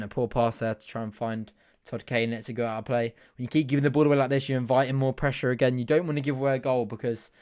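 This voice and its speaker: A man hosting a live football watch-along, mixing casual match commentary with chatty, excitable asides and frequent laughs. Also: mid-range voice. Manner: chatty and excitable, laughs often, thanks viewers mid-commentary.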